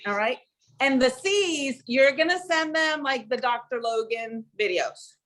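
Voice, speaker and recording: High-voiced woman hosting a live stream. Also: expressive, a little slow, fairly bright tone. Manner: enthusiastic, asks the audience questions. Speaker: host.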